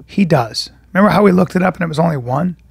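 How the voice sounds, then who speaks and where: A man co-hosting a podcast in casual chat, throwing in quick reactions and swearing. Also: a little high, animated, gravelly, breathy edge, no room sound, studio quality. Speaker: podcast co-host.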